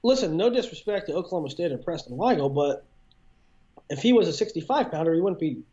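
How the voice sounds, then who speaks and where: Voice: mid-range voice, sing-song, quick pace, warm tone, highs cut off. A podcast co-host talking over a call on earbuds, chatty and questioning in casual sports banter. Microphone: earbuds over a remote call.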